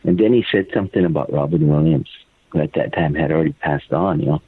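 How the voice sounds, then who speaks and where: An older man, a guest and a father, telling a personal account on a phone line in a halting way, repeating and stumbling over his words. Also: a bass voice, breathy edge.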